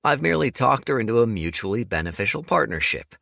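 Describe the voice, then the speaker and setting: A male narrator voicing a sly young man who talks smoothly and plays innocent, as an audiobook character. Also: mid-range voice, big pitch swings, fast talker, bright, forceful tone, no room sound, studio quality, exaggerated voice. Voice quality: smooth, wheedling.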